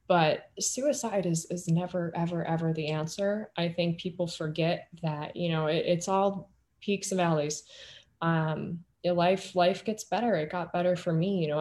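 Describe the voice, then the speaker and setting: A young woman speaking earnestly in a podcast conversation over a video call, halting and restarting as she talks. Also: fairly low pitch, a little mellow. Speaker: guest, author and model.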